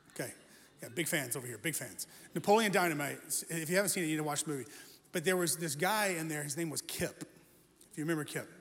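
Animated pastor in an echoing church hall. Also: male voice, on the high side. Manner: animated, self-deprecating humor, earnest. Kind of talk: storytelling sermon. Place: church sanctuary.

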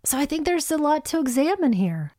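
A woman's voice: high voice, big pitch swings, brisk, dark tone, no room sound, clean studio sound. A woman co-hosting a podcast, chatting about horror films in a joking, opinionated way. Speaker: podcast co-host. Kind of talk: casual film review chat.

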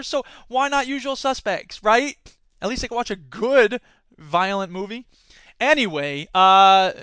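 A man who teaches, hosting a casual commentary podcast in a chatty, animated way with frequent restarts. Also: high-pitched, clean tone, dry recording.

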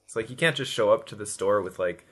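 A man's voice: lowish voice, fast talker. A man co-hosting a podcast, joking and bantering in casual chat. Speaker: podcast co-host.

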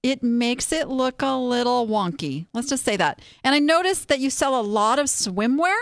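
A woman's voice: high-pitched, moderate pace, creaky, dry recording, clean studio sound. A woman hosting a casual live stream, giving frank, chatty advice on online sales listings. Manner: chatty, frank, animated, with many restarts. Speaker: host reviewing online listings.

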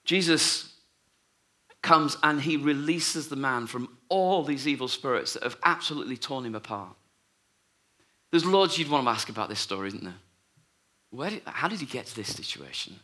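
A man preaching a sermon, telling a story and acting out the voices in it, often dropping to a hush. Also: mid-range voice.

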